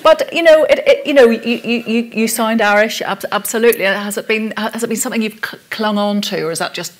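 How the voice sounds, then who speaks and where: A woman's voice: on the high side, fast. A woman radio presenter moderating a live festival discussion, asking curious questions and laughing along.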